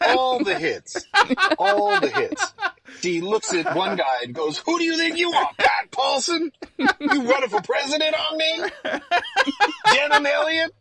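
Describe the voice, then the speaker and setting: A shrill, mocking Mother Nature, put on by a man in a high falsetto with an odd, unplaceable accent. She fires off sneering questions one after another, her voice swooping wildly up and down. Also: lively intonation, vocal fry, a loud crowd, full character voice. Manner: hurls rapid mocking questions.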